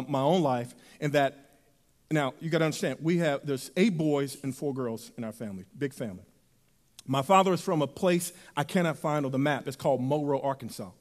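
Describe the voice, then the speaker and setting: A male preacher with a high, ringing voice delivers a sermon. He talks animatedly, swinging between loud bursts and soft, intimate passages. His voice carries through a church hall with long reverb.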